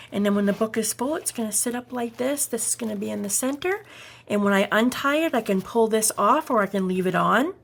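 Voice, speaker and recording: A woman's voice: mid-range voice, creaky, a little hiss or hum. A woman hosting a craft tutorial, chatting enthusiastically as she demonstrates each step. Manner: chatty and enthusiastic, narrating her steps. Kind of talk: casual hands-on craft demonstration.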